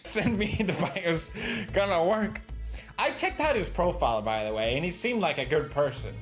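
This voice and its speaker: A man chatting casually on a stream, his ranting swinging from low grumbles to high shouted outbursts. Faint music plays behind him. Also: wildly swooping pitch, brisk. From Japan-based.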